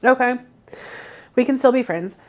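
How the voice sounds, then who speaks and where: Giggly chatty woman, high voice. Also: moderate pace. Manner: chatty, laughs often. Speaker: co-host of a crafting live stream. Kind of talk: casual chat.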